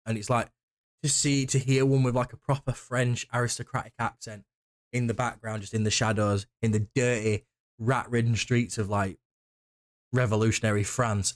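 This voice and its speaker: A man co-hosting a podcast in casual chat, excitable and rambling, who swears casually. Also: medium pitch, moderate pace. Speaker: podcast co-host.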